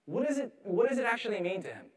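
A man's voice: extremely high pitch, big pitch swings, fast talker. A man in his thirties preaching a conversational sermon as pastor, casual and humorous, peppering his talk with "like". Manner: casual, humorous, heavy use of "like".

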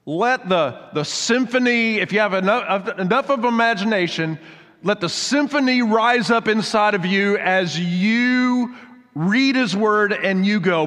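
A man's voice: high-pitched, a little slow, fairly bright tone. A man preaching a sermon, earnest and exhorting, repeating phrases for emphasis, then leading a prayer. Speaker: pastor. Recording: long reverb of a large hall.

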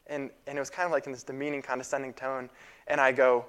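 A young man in his twenties preaching a sermon in a casual, halting way, with fillers and repeated phrases. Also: a little high, fairly even intonation, a bit bright, clear, resonant tone.

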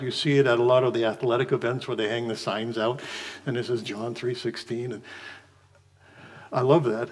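A man preaching a morning sermon in a measured way, slowing down when he reads scripture aloud. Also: mid-range voice, creaky. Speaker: pastor.

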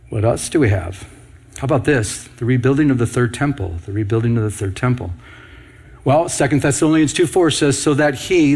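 Middle-aged male preacher, slightly high voice, quizzes the congregation with rhetorical questions. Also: breathy edge. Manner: asks rhetorical questions to the audience, reads news headlines aloud. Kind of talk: prophecy teaching sermon.

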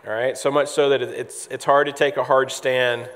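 A man's voice: medium pitch, little pitch movement, normal speed, fairly bright tone, long reverb tail. A man preaching a conversational sermon as pastor, with frequent ums and restarts.

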